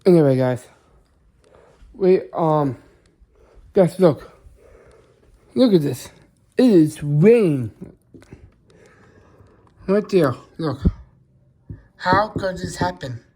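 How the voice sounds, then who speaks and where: Guy vlogging to his channel, slow talker, soft mellow voice, keeps starting over and fixing what he says. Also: fairly high pitch, lively intonation. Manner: rambling, with many restarts and self-corrections. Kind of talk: casual vlog chat to camera.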